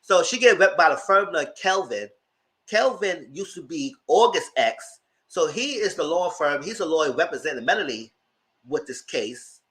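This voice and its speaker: Animated man with a bright lively voice. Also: normal speed. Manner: animated storytelling, acting out quotes with big pitch jumps. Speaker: TV recap commentator. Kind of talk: casual recap chat.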